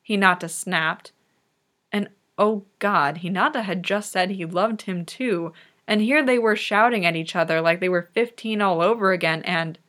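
A woman reading fan fiction aloud in soft, unhurried narration. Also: on the low side. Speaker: reader.

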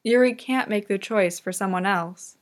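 A woman reader narrating a fan audiobook in a calm, measured storytelling manner. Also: mid-range voice.

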